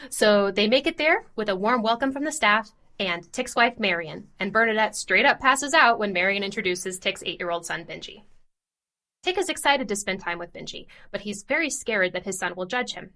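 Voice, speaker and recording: A woman co-hosting a podcast, giving a lively, self-deprecating plot summary in casual chat. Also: medium pitch, normal speed. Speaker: podcast co-host.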